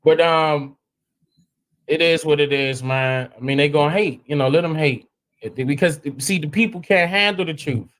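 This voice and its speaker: A man hosting a live stream in casual, slangy chat, animated and prone to sudden high exclamations. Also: moderate pace.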